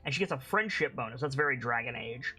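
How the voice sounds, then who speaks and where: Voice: mid-range voice, animated, fast, sharp tone, soft background music, rough recording. A game streamer casually commenting on gameplay and reading game text aloud.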